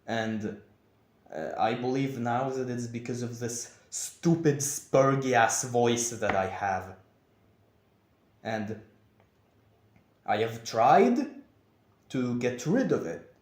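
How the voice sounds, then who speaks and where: A young man talking in a confessional vlog, with a monotone, over-enunciated delivery. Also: medium pitch, slow pace, long pauses. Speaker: vlogger. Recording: echoey room.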